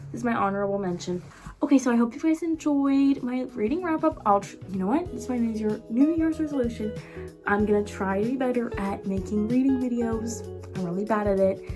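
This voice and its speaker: A woman book vlogger in casual chat, rambling and excitable with frequent laughs. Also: on the high side.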